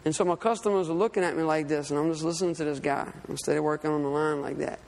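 A man's voice: a little high, fairly even intonation, fast, vocal fry, darkish tone, long reverb tail. A man preaching a sermon, telling a personal story in an earnest, conversational way. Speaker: lay preacher and fishing guide.

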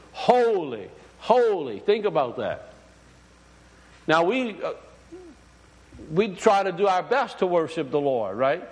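A man preaching to a congregation in a loose, conversational way, full of fillers and restarts, often asking his listeners questions. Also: high-pitched. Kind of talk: sermon. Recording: long hall reverb.

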